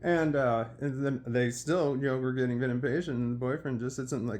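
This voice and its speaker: A man casually telling a personal story, animated and acting out what others said. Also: medium pitch, fast talker, hardly any pauses. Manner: animated, quotes others in dialogue.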